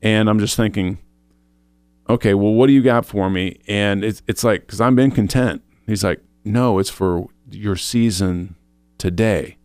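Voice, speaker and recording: A man's voice: fairly low pitch, a little slow, darkish tone, smooth, dry recording. A man co-hosting a faith show, earnestly retelling a personal spiritual experience, quoting his own thoughts aloud with frequent restarts. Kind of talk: personal testimony in casual chat.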